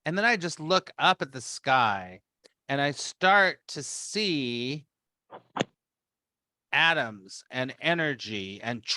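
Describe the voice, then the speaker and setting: Bright, animated man telling a story. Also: fairly high pitch, dry recording, clean studio sound. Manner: animated, acts out his own reactions in quotes; rambling with frequent restarts. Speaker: spiritual teacher leading a meeting. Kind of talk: casual storytelling to a group.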